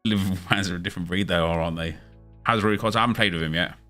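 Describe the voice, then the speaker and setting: A man's voice: low-pitched, sharp tone, faint music behind. A man hosting a gaming livestream, chatting casually with viewers and switching into an upbeat video-host delivery. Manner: chatty, quick back-and-forth with viewers, hype intro energy.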